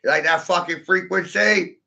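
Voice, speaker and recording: A man rambles in an unhurried, profane monologue, chaining rhymes and chuckling at his own wordplay. His voice is gravelly and sharply bright. The recording sounds dull and lo-fi, made inside his vehicle. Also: sits high, fairly even intonation. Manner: rhyming wordplay, laughs at own jokes, swears often. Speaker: vlogger.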